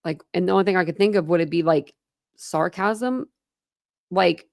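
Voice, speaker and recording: Reading official documents for her true crime channel, a young woman frequently stops to muse aloud in a casual, filler-heavy way. She speaks briskly in a somewhat low, gravelly voice, and the dry recording sits close with no surrounding room.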